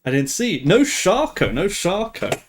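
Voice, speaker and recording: A man's voice: high voice, sing-song, unhurried, slight background noise. A young man hosting a live stream, chatting casually with viewers, laughing often and restarting his sentences. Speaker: livestream host.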